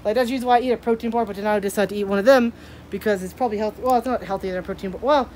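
A woman's voice: mid-range voice, racing, darkish tone, a little hiss or hum. A young woman vlogging at her rural home, chatting in a rambling way and talking to her pets. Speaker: daily vlogger. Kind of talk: casual vlog chat.

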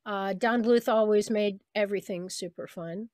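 A woman voice actress chats over a video call, animated and full of stories. Her voice sits mid-range and sounds close and dry. She now and then drops into quick impressions of people she remembers. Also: mid-range voice, no room sound. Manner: chatty, animated storyteller who slips into voices of people she quotes. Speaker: voice actress guest. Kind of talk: casual interview on a video call.

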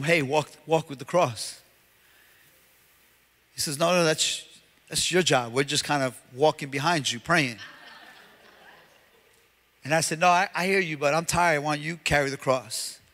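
A man's voice: on the high side, fairly bright tone. A man preaching with passion at a church conference, telling a story and acting out the voices of the people in it. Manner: impassioned, acts out quoted voices. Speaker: pastor. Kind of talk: sermon storytelling. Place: large church hall. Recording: long hall reverb.

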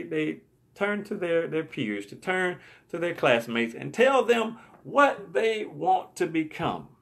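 A man's voice: fairly high pitch, creaky. A man preacher telling a story in a sermon, emphatic and often repeating his words.

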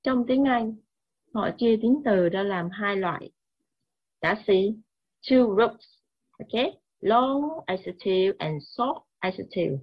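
A woman with a Vietnamese accent teaching English grammar slowly and repeating key words. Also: mid-range voice, expressive, husky, highs cut off. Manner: slow, repetitive, mixes languages. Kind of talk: classroom grammar lesson.

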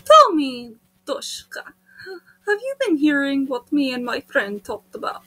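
Girl doing a creepy sing-song russian schoolboy, fake russian accent, bright high voice. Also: sing-song, a little slow, exaggerated voice. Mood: sly menace. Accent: put-on Russian. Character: playful male Russian schoolboy with menace.

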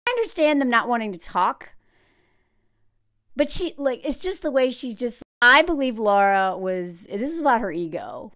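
A sarcastic, animated woman, riffing on a reality show in a casual vlog. Her fairly high voice jumps all over in pitch, and the sound is close and dry. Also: normal speed, dry recording. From Southern United States. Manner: animated, sarcastic, frequent "like" fillers. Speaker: reality TV commentator.

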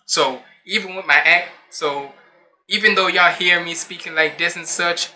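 A man's voice: on the high side, fairly even intonation, normal speed, sharp tone. A young man from Jamaica hosting a reaction video, talking loosely in slang and slipping into patois. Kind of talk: casual reaction commentary.

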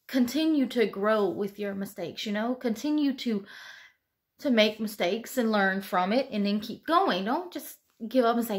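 A young adult woman talking candidly to camera late at night, tearful and sighing, rambling with many "you know"s. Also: a little high. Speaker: vlogger.

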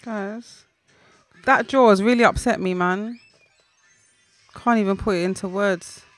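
A young woman reacting out loud while playing a football video game, shouting, groaning and talking to people in the room. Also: mid-range voice, a little slow, faint music behind. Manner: talks back to people in the room. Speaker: gaming YouTuber.

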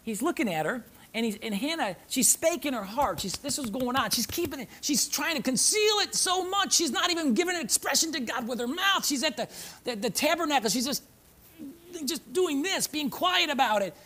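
Preaching animatedly and fairly quickly in a church sanctuary, a male pastor reads passages aloud and repeats lines, shifting between forceful urgency and hushed, gentle asides.

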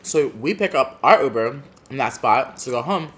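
A man's voice: mid-range voice, expressive, moderate pace, fairly bright tone. A man telling a story in a casual chat over a meal, dramatic and repeating phrases for effect. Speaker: guest.

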